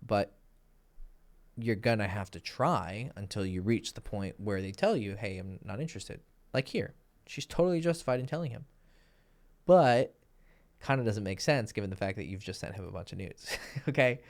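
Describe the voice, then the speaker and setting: Blunt, profane man with a gravelly voice. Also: on the low side, normal speed, a little mellow. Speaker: dating coach. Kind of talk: crude casual advice monologue.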